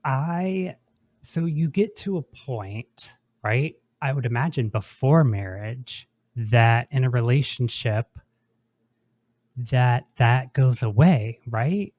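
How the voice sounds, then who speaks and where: A man's voice: medium pitch, animated, slow pace, darkish tone, no room sound. A man co-hosting a podcast, chatting casually and backing his co-host with short agreeing replies. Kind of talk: casual chat.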